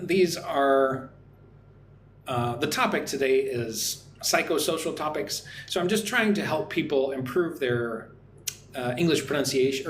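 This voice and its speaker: A man teaching an English lesson on a livestream, chatting with viewers and modelling pronunciation slowly, often asking "right?". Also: a little high, slight background noise. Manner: friendly, repeats "right?" often, slow careful modelling of words. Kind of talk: live-streamed English lesson. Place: home in Vietnam. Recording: echoey room with faint ambience.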